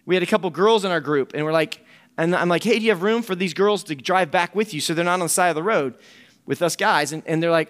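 A man's voice: high voice, brisk, fairly bright tone. A middle-aged man, a camp ministry director giving a folksy conference talk with quoted voices.

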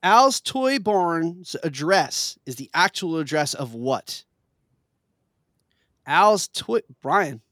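A man's voice: fairly high pitch, very animated, takes it slowly, fairly bright tone, no room sound, clean studio sound. A man hosting a casual trivia game with friends, reading questions aloud and laughing often. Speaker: quiz game host.

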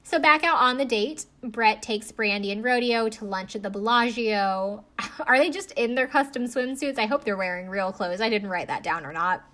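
A woman's voice: a little high, moderate pace, fairly bright tone. A woman recapping a reality dating show in a chatty, snarky way, often acting out quotes in funny voices. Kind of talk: casual recap chat.

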